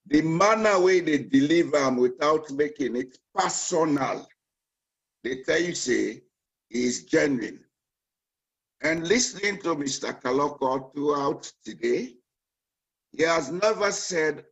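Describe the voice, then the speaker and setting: Emphatic Krio-accented man, husky voice. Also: on the high side, animated, takes it slowly, rough recording. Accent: Sierra Leonean Krio-tinged. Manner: emphatic, preacherly repetition. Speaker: panel guest. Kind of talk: political commentary.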